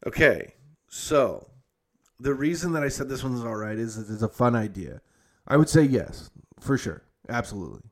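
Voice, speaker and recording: A young man hosting a podcast in loose, casual chat. He rambles and swears freely, stopping to correct himself as he goes. His voice sits at an ordinary middle pitch. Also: lively intonation, moderate pace. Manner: rambling and heavily profane, with frequent fillers and self-corrections. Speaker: podcast host.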